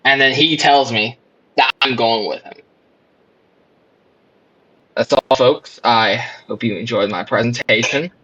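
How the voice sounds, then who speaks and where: Man, mock-trial prosecutor, rambling, repetitive fillers, casual, mid pitch. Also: a little slow, pauses often, bright, forceful tone, lo-fi sound. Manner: rambling, repeats "obviously" and "of course". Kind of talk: casual mock-courtroom argument among gaming friends.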